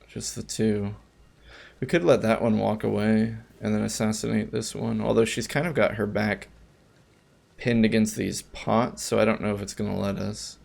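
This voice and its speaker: Gravelly low-voiced man narrating gameplay. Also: flat delivery, normal speed, a little mellow. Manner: chatty, rambling asides with restarts. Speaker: let's play gamer. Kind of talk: casual gameplay commentary.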